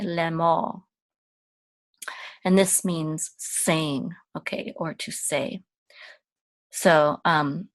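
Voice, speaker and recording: A woman teaching a Hebrew reading lesson, patiently sounding out letters and vowels and chanting the verse in a raised voice. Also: no echo. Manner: patient, repeats syllables, chants cantillation in a higher voice.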